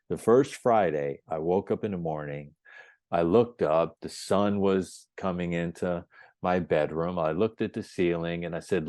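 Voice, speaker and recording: A man on a podcast telling his story as the guest, animated, acting out the dialogue as he goes. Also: low-pitched, unhurried, dry recording. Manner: emphatic and repetitive phrasing. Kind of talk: storytelling in an interview.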